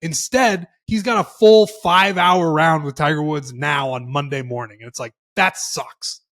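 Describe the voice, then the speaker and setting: A young man co-hosting a golf podcast, telling stories in animated, casual chat with some swearing. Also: on the high side, moderate pace. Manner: animated storytelling, swearing, quotes himself. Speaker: podcast co-host.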